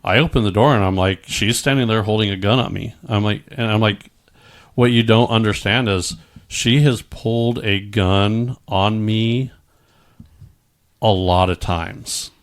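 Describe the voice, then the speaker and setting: A man's voice: lowish voice, fairly even intonation, unhurried. A middle-aged man telling his own story in casual chat, rambling with many stammered restarts and frequent swearing.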